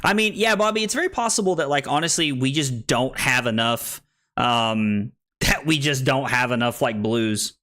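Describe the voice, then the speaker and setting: A man's voice: mid-range voice, normal speed, bright, forceful tone. A young American man casually commenting on his card game stream, thinking aloud with many restarts. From United States.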